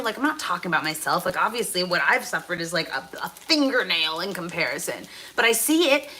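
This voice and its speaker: A chatty woman streams live from her home kitchen, frying rice while she talks with her viewers. Her voice is bright and clear, swinging between cheer and indignation as she reads their comments. A pan sizzles faintly in the background. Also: medium pitch, slight background noise. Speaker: livestream host. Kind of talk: casual livestream chat while cooking. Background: food sizzling in a pan.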